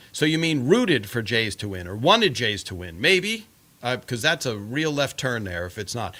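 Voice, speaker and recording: Chatty guy hosting a livestream, bright voice, lots of ums and side tangents. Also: medium pitch, sing-song, normal speed. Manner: rambling, chatty, many fillers. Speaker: livestream host reading viewer comments. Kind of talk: casual live-stream chat.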